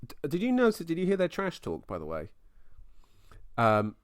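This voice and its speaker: A young man co-hosting a casual sports podcast, rambling and excitable as he retells a fight. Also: on the high side, moderate pace, clean tone, no room sound, studio quality. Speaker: podcast co-host.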